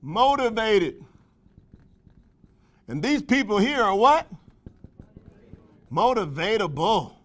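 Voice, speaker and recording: A high-pitched motivational trainer for a sales company works a live room, constantly quizzing the crowd with call-and-response questions. He's energetic and folksy, with slangy phrasing and frequent laughs.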